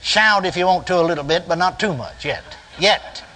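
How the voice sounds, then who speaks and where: An older man preaching a sermon, telling a folksy story that climbs into emphatic shouts. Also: high voice, animated, normal speed, rough recording.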